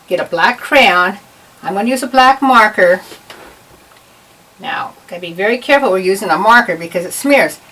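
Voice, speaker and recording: A woman's voice: a little high, bright, forceful tone. A woman giving a patient, step-by-step drawing lesson to children. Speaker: art teacher. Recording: voice a bit far from the mic.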